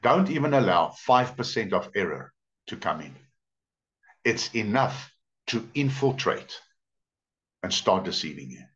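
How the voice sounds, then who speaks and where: Animated preacher. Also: male voice, fairly low pitch, highs cut off. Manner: storytelling, emphatic with drawn-out words. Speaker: pastor. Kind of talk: sermon. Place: church service.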